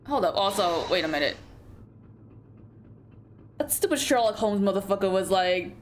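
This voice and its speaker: A woman's voice: medium pitch, lively intonation, moderate pace, pauses often, slight background noise. A woman streamer giving casual, joking gameplay commentary with profane asides. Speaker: let's play streamer. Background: game music.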